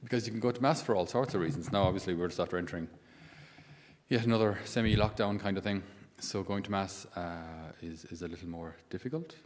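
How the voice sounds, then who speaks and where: Priest preaching in a reverberant church. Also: male voice, low-pitched, fast. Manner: conversational, animated with many asides and rhetorical questions. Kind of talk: sermon.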